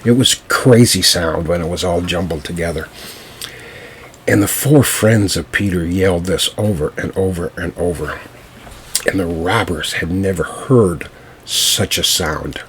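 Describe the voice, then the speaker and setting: A man telling a folk tale to listeners, unhurried, with small fillers and restarts. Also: deep voice, a little hiss or hum. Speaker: storyteller.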